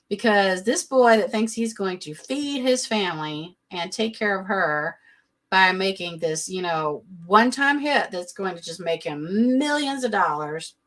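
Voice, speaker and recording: A woman's voice: medium pitch, a bit bright. A woman giving blunt, sassy live-stream commentary on a reality show, often laughing. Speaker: reality TV recap host.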